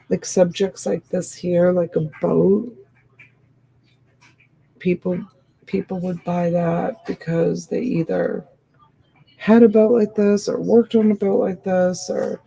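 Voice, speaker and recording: A woman's voice: fairly low pitch, vocal fry, mellow, poor audio. A woman hosting a live-stream sale, chatting casually and rambling as she comments, sleepy and yawning.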